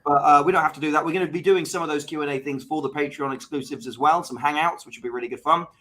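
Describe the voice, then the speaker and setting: A man's voice: a little high, a bit bright. A man co-hosting an online improv comedy livestream, talking upbeat and casually to viewers. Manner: quick, upbeat, thanks viewers.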